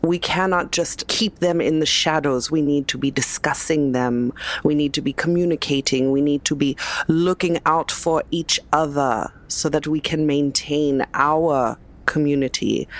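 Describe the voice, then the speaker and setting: A woman's voice: sits low, fairly even intonation, measured pace. A woman voicing an imperious female vampire leader giving a formal rallying speech.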